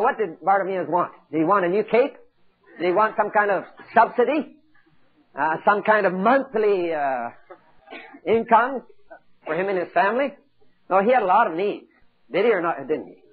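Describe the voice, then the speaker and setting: A man's voice: high voice, breathy edge. A man preaching a sermon, telling a Bible story with dramatic acted-out voices and questions to the congregation. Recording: tinny phone-like 1980s audio tape.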